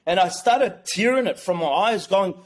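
A man telling a personal story as an interview guest, excitable and rambling, with many restarts. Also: high voice, normal speed. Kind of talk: casual storytelling.

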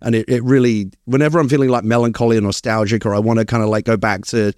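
A middle-aged British man with a London accent worn partly American races through his anecdotes. He is animated and rambling and restarts sentences often. His voice is recorded close and dry, with no room echo. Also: mid-range voice, fast. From East London, England. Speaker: guest screenwriter. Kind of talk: casual interview chat.

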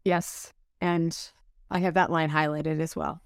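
A woman's voice: low voice, flat delivery, measured pace, clear, resonant tone, dry recording, studio quality. A woman co-hosting a casual book podcast, laughing often, cursing freely and reading quotes aloud. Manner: giggly, swears freely, reads quotes aloud. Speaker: podcast co-host.

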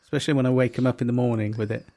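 A man's voice: mid-range voice, steady tone, racing, dark tone. An English man co-hosting a casual comedy podcast, bashful and self-deprecating, laughing often. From England. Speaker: co-host.

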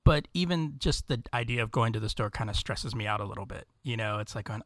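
A man's voice: on the low side, quick pace, hardly any pauses, a bit bright, no room sound. Male podcast co-host, casual, giggly and easygoing; dry close recording. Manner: laughs often, easygoing, rambling. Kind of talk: casual chat. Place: at home.

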